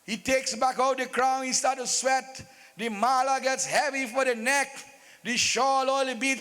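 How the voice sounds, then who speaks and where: A man's voice: extremely high pitch, fairly even intonation, a little slow, sharp tone, smooth, in a large hall. A man narrating a religious folk play live, with playful, joking asides. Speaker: stage narrator.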